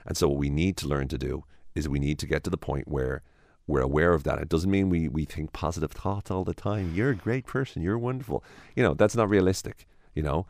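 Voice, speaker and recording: A man with an extremely low, deep voice explains his ideas as an interview guest. He often restarts his sentences and acts out the voices in people's heads. The sound is dry and close. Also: steady tone, a little fast, darkish tone, no echo. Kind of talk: conversational interview.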